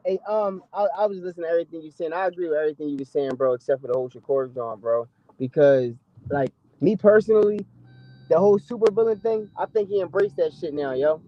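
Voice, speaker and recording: A man calling into a show, talking fast and eagerly in slang about a boxer he admires. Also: a little high, highs cut off. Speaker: caller. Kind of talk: casual call-in chat.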